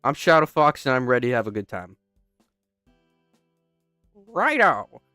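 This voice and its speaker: A man's voice: medium pitch, quick pace, sharp tone, clean tone, dry recording, studio quality, soft background music. Young man reading a game aloud. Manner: stops and restarts, breaks off into joking asides. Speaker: gamer. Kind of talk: casual playthrough commentary, reading game text aloud.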